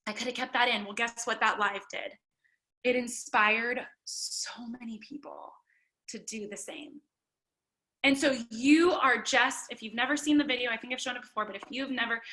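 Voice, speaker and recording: A woman's voice: a little high, bright, forceful tone, low-quality recording. A young woman leading a motivational team call, emphatic and upbeat, with lots of "like" between her thoughts. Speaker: team leader.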